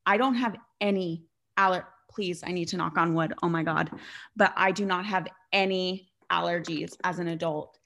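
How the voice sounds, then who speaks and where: Young female podcast host, lowish voice, chatty and animated, heavy on fillers. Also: normal speed, vocal fry. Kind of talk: casual chat.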